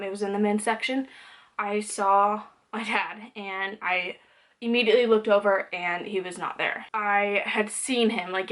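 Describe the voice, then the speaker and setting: A woman's voice: medium pitch, a bit bright. A young woman talking candidly to camera in a personal vlog, conversational and loose, with plenty of "like" and "um". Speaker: vlogger.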